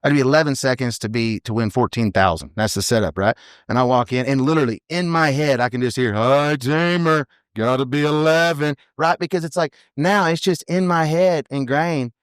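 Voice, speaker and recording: Fast-talking, rambling cowboy storyteller. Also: male voice, medium pitch, no room sound, studio quality. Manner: rambling and animated, full of "you know what I mean". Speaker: professional team roper, podcast guest. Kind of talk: casual storytelling in a podcast interview.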